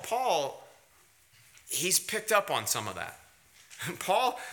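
Man, pastor, sermon, high voice, lively swinging pitch, emphatic. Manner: emphatic, rising to high bursts on key words; drops to quiet, wry storytelling with light laughs.

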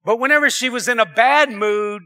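A man preaching to his congregation. His voice sits high and rings bright and forceful, and he keeps turning to the crowd with questions as he swings between loud and hushed. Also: normal speed. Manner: animated preaching with audience call-outs. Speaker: pastor. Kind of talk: sermon.

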